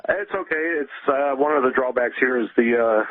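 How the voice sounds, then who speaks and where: An American man calling a radio show with a question, hesitant with many pauses, over a tinny phone line. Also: medium pitch, dry recording. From United States. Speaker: caller.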